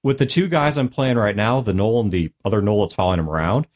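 A man's voice: lowish voice, fast, a little mellow. A man giving casual, earnest advice on tabletop role-play, laying out numbered tips and playing down his own skill. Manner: earnest, self-deprecating, explains in numbered points. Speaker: podcast co-host.

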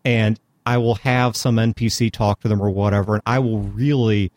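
A man on a podcast with a low voice, talking in an earnest, thoughtful way. The sound is dry and close, with no room around it. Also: fairly even intonation, moderate pace, a little mellow, no room sound. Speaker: podcast host. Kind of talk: casual chat.

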